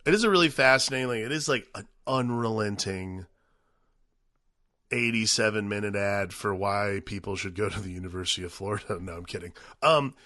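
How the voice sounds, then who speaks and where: Wry, low-voiced podcast co-host. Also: male voice, brisk, bright, forceful tone, no echo, clean studio sound. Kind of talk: casual movie-review chat.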